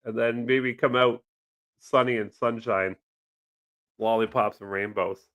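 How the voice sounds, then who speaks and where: A man's voice: medium pitch, fairly even intonation, unhurried, muffled recording, lightly acted. A man mimicking a grumpy, negative male commenter from his chat, in a mocking, sing-song tone.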